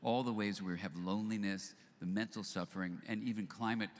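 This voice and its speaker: An older man with a lowish voice speaks fairly quickly at a live event in a hall, telling an anecdote to an audience. He is an animated storyteller who acts out both sides of the dialogue. The recording carries long hall reverb and faint noise.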